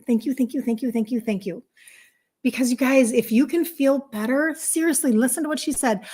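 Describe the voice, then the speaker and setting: A woman's voice: high voice, animated, moderate pace. A middle-aged woman hosting a casual livestream as a health coach, upbeat and fired up, greeting viewers and reading their comments aloud.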